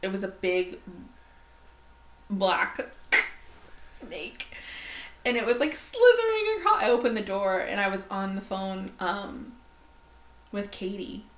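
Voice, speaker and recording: A woman co-hosting a casual chat podcast, telling stories with lively quoted voices. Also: medium pitch, takes it slowly, long pauses. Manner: animated storyteller, acts out quoted voices. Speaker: podcast co-host. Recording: echoey room, faint ambient noise.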